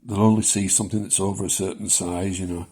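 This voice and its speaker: Husky-voiced older man, rambling and chuckling. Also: low voice, level tone, quick pace, a little mellow. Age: 70s. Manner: rambling, self-deprecating, chuckles often, many ums. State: shaking. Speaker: vlogger sharing his cancer experience. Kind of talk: casual personal vlog.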